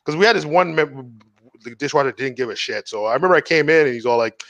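A man's voice: medium pitch, fast talker, no room sound, highs cut off. A man on a casual podcast, telling stories animatedly and acting out the people he quotes. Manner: animated, acts out quoted people, laughs often. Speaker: podcast co-host. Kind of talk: casual storytelling chat.

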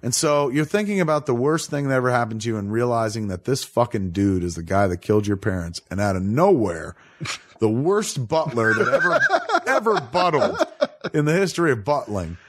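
A man's voice: mid-range voice, lively intonation, fairly quick. A man hosting a casual film commentary, joking and swearing as he rambles through the scenes. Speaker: podcast host.

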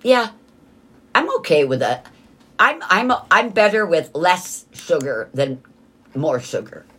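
A woman co-hosting a radio talk show, chatting casually with quick, easygoing reactions. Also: fairly low pitch, very animated, fairly bright tone, slightly rough. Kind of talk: casual on-air banter.

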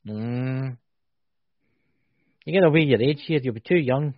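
A man's voice: mid-range voice, measured pace, no room sound. A man with a Scottish accent hosting a casual podcast chat. He banters and teases, drawing words out when he explains. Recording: dull lo-fi sound.

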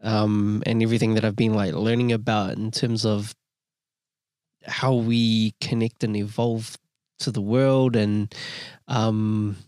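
A young New host asks questions and muses in a slow, thoughtful way. His voice is on the lower side for a man, and the sound is dry and close to the mic. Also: flat delivery, a little mellow, clean tone, no echo. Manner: reflective, measured, thoughtful. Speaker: podcast host. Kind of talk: casual podcast interview.

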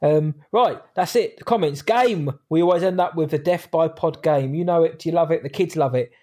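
A British man co-hosting a casual podcast chat, rambling and quick to laugh. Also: a little high, darkish tone. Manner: rambling, chatty, laughs easily. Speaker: podcast co-host.

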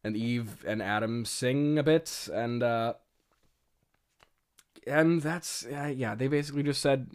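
A man's voice: mid-range voice, expressive, a little slow. Guy cracking up at his own old writing, voice bouncing all over, lots of uhs. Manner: giggly, frequent laughter and filler words; wry, self-mocking. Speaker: writer reviewing his own old script. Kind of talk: casual commentary.

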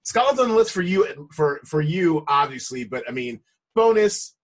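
A man in casual conversation, talking in a relaxed way with frequent restarts. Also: high-pitched, moderate pace, gravelly, husky. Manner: relaxed, many fillers and restarts. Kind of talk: casual chat.

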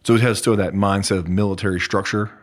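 A man's voice: lowish voice, steady tone, quick pace. A man hosting a casual interview who asks follow-up questions. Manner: short backchannels and follow-up questions.

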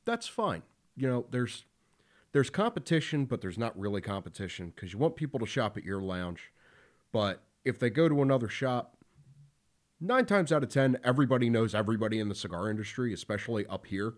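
A man's voice: fairly low pitch, sing-song, normal speed. A man hosting a podcast in casual talk, blunt and profane, with lots of fillers. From Philadelphia area. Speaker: podcast host.

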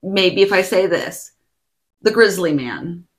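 A woman's voice: lowish voice, animated, slow pace. A woman co-hosting a casual podcast, telling a story with lots of giggles. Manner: giggly, storytelling, attempts silly accents. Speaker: podcast co-host. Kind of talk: casual chat.

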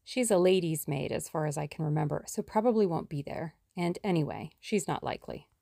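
A woman voicing a lively, impatient young woman sleuth in an audiobook, brisk and plucky. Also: low voice, gravelly, no room sound, clean studio sound. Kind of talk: audiobook character reading.

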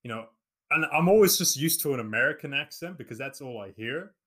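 Expressive and brisk, his medium-pitched voice has a fairly bright tone. The speaker is a twenty-something podcast host from England who grew up in New Zealand, and his casual remote-call chat rambles along with many fillers and restarts.

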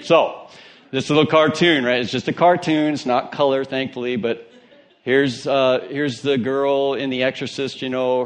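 A man preaching a sermon in a church, telling stories in a conversational way and joking with his congregation. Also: mid-range voice. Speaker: pastor.

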